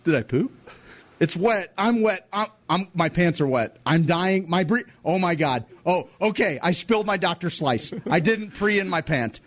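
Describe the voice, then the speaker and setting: A man's voice: high-pitched, normal speed. A man playing a jittery young man who rambles and panics, in a comedy sketch. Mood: panicky. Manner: rambling and panicky, sarcastic flattery.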